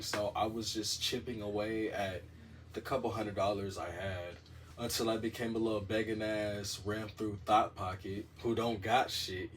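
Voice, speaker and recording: A man telling a story in a casual monologue, animated and profane, with a dramatic delivery. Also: on the low side, far from the mic, slight background noise.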